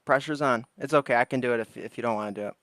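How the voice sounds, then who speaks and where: A man's voice: mid-range voice, very fast. A man hosting a casual livestream, reading text aloud and chatting loosely with his viewers. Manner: reads lists flatly, then chats loosely with viewers. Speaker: livestream host.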